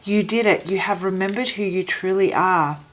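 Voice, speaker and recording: Woman tarot reader, gentle, halting, voice catching in her throat, mid-pitched. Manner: gentle, halting, repeats phrases while searching for words. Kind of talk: intuitive tarot reading to camera.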